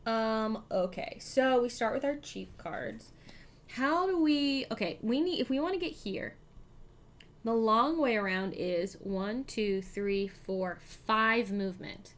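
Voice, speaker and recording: A woman's voice: fairly high pitch, animated, takes it slowly. A woman hosting a live board game stream, chatting, thinking aloud about her moves and thanking her chat. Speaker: streamer host.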